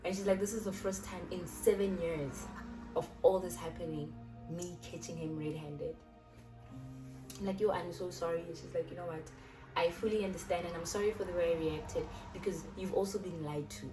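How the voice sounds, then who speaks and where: Animated South African woman telling a story. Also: fairly low pitch, moderate pace. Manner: animated retelling, acting out quoted dialogue. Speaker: YouTuber. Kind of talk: casual storytime. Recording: echoey room, distant mic, background music.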